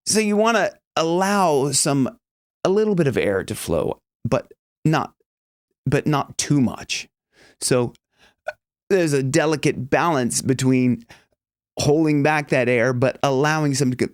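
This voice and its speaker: A man coaching singing in a casual lesson, breaking into loud, throaty sung and shouted demonstrations between explanations. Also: medium pitch, expressive, normal speed, no echo, studio quality. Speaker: vocal coach.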